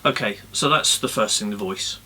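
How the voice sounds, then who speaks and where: Low-voiced man, casual tutorial host, friendly, um-heavy. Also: normal speed, slight background noise. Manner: relaxed, friendly, lots of ums. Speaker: puppeteer giving tips. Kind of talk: casual instructional talk. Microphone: camera-mounted mic.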